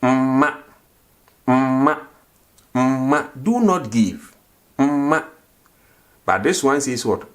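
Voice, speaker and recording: Male teacher, very slow delivery, asks and answers his own questions, repeats words for drill. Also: medium pitch, lively intonation. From Ghana. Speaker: language teacher. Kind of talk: classroom grammar lesson.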